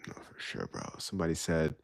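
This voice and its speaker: A man's voice: extremely low pitch, very animated, a little fast, gravelly, no room sound, clean studio sound. A laid-back young man co-hosting a casual podcast, talking loosely with lots of slang. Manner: laid-back, lots of bro and like, laughs often. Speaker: podcast co-host. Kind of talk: casual chat.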